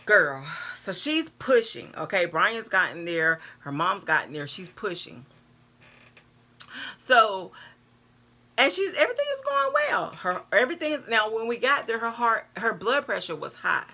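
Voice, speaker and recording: An older woman, telling a personal story to her viewers in a chatty, animated way, calling them girl and y'all. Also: medium pitch, unhurried, creaky. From North Carolina, US. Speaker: vlogger. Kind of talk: casual storytelling to camera.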